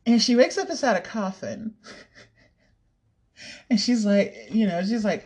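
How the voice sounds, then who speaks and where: Slow-talking, giggly young woman vlogger. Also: mid-range voice, a little mellow. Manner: rambling, giggly, swears casually. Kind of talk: casual chat.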